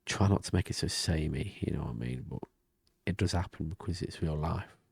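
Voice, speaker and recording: A quiet, low-voiced man talks in a gravelly, rambling, often half-whispered way for his casual diary vlog. He speaks fairly quickly from a thin-walled room at home, recorded with a desk mic and webcam and no echo.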